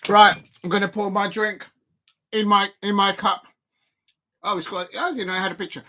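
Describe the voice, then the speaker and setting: Excitable man reacting live, bright tone. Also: high voice, moderate pace. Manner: excitable, swings from joking to despairing outbursts. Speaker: football fan channel host. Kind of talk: live watch-along reaction.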